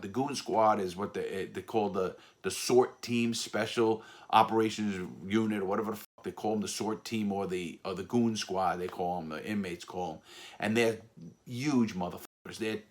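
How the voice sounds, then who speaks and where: Middle-aged man, low voice, blunt and profane, animated storytelling monologue. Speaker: former inmate telling his story.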